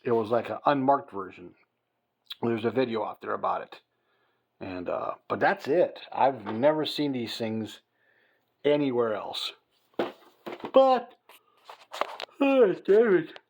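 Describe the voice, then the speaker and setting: A man's voice: medium pitch, sing-song, measured pace, long pauses, dull audio. A man hosting a casual hobby vlog from home at night, tired and rambling, full of fillers and restarts as he talks to a phone camera. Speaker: hobby channel host. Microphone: phone camera on a mount.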